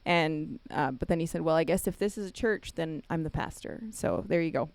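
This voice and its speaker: Woman, low gravelly voice, chapel speaker, animated storytelling, dry close sound. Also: fairly quick, dry recording. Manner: animated storytelling, acts out quotes, laughs often.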